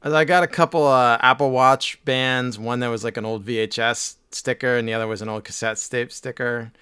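A man's voice: medium pitch, fairly even intonation, normal speed, pushed and bright, clean tone, no echo, clean studio sound. A man co-hosting a podcast, telling a rambling story in casual chat with lots of fillers and restarts. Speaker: podcast co-host.

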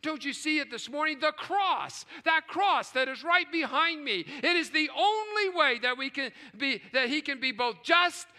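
A man preaching a sermon to a live congregation, swinging from hushed low passages to loud shouted peaks. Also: animated, normal speed, hardly any pauses, big-room sound. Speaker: pastor. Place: large church sanctuary with choir and orchestra. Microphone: live stream.

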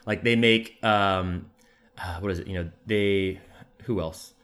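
A man telling stories in a casual chat, talking quickly and animatedly with many filler words. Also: low voice. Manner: fast, animated, lots of "like" fillers. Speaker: podcast guest, former reality TV contestant. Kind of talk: casual conversational storytelling.

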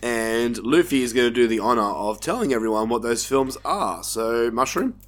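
A man with an Australian accent co-hosting a casual podcast while sick with the flu. His voice cracks and turns raspy when he goes low, and he laughs and swears freely. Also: expressive, moderate pace. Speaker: podcast co-host.

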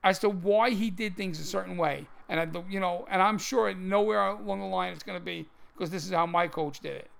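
A man's voice: sits high, fairly quick, creaky, hardly any pauses, a bit bright. A man co-hosting a martial arts podcast, talking emphatically and instructively, often repeating words as he explains. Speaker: podcast co-host. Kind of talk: casual martial arts chat.

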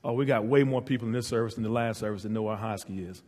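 A man's voice: lowish voice, racing, a little mellow. A middle-aged man from northeastern North Carolina, preaching as a guest speaker in a church, earnest and heartfelt with playful asides to the congregation. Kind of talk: church sermon. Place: church sanctuary. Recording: hall reverb.

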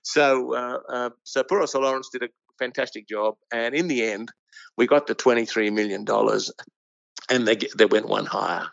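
Older horse breeder, gravelly and rambling; dry, muffled sound. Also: male voice, medium pitch, steady tone, normal speed, fairly bright tone, dry recording. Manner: rambling, with many restarts. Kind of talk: anecdotal interview storytelling. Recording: dull lo-fi dry recording.

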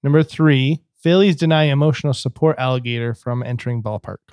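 A man's voice: medium pitch, steady tone, fairly quick, darkish tone, no room sound, clean studio sound. A man co-hosting a casual podcast, reading out quiz headlines and laughing easily. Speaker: podcast co-host. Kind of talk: casual chat.

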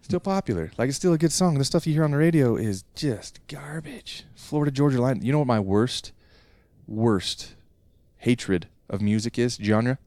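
A young man from Idaho, co-hosting a casual podcast from a home basement, ranting in animated chat. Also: medium pitch, normal speed, no room sound. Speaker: podcast co-host.

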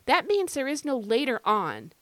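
On her devotional Bible podcast, a woman talks directly to the listener, emphatic and conversational, repeating important phrases. Her high, slightly bright voice swings hugely in pitch at a normal speed. The recording is dry.

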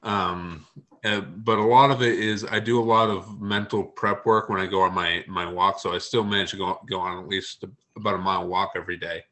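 Casting note: male author guest, lowish pitch, bright edge, hesitant and low-key. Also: steady tone, brisk. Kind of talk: casual interview chat.

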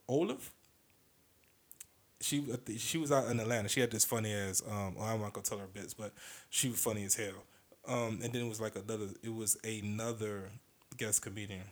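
On his own podcast, a man with a fairly low voice rambles casually. Pauses and hesitations pepper his talk, along with short impressions of other comedians.

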